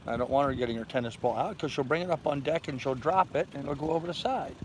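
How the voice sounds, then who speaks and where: An older man hosting a relaxed livestream from his sailboat in a harbor, rambling easily and reading viewer comments aloud. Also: medium pitch, fast, slight background noise, rough recording. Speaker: vlog host. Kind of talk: casual livestream chat.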